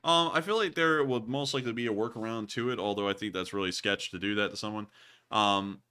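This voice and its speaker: A young man in his twenties with a Southern US accent, co-hosting a casual livestream and answering viewer questions, jokey and quick to laugh. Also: fairly low pitch, clear, resonant tone. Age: 20s. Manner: jokey, excitable, laughs often. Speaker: co-host of a war news show. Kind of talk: casual livestream chat answering super chats.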